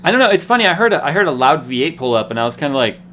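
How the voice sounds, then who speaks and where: A man's voice: a little high, racing, slight background noise. A man hosting a casual tech livestream, rambling and laughing while he tells stories. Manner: laughing, rambling, animated storytelling. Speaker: host.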